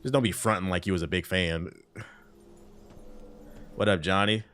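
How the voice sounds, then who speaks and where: A man's voice: sits low, moderate pace, fairly bright tone. A man streaming a game, chatting casually with his chat in loose, profane slang. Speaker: gaming streamer. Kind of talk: casual live-stream commentary while playing.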